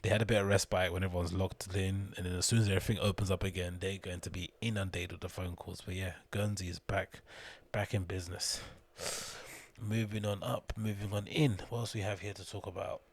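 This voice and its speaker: Guy doing a loose rambly podcast, deep husky voice, swears a lot. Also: flat delivery, fairly quick. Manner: rambling, swears freely, laughs at the news. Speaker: podcast host. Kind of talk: casual rambling commentary.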